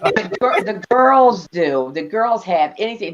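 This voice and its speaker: A woman guest in an interview who speaks earnestly and with feeling, with light laughter between phrases. Her voice is mid-pitched and the recording sounds dull and lo-fi. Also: expressive, a little slow. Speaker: guest author. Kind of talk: conversational interview.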